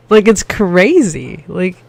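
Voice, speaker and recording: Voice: mid-range voice, vocal fry, no echo. A streamer chatting casually while gaming, telling stories with lots of "like" fillers. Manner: chatty storyteller, heavy use of "like".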